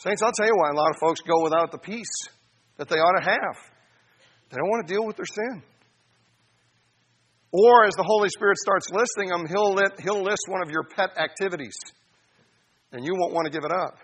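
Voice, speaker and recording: A man preaching a sermon, animated, addressing his listeners as saints and acting out little voices. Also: high-pitched, moderate pace, long pauses, husky. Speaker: pastor.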